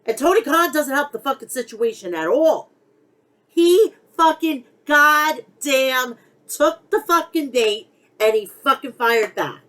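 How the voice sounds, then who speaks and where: A woman's voice: high-pitched, expressive, takes it slowly, fairly bright tone, rough recording. A middle-aged woman hosting a podcast, ranting bluntly and heatedly about pro wrestling with heavy swearing. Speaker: podcast host. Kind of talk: wrestling opinion rant.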